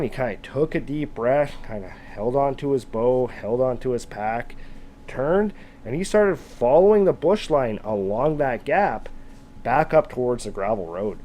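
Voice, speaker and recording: A man casually retelling a true scary encounter, loosely phrased with fillers, now and then shouting out quoted calls. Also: mid-range voice. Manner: casual, conversational, with fillers like "kind of" and "like". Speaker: storyteller.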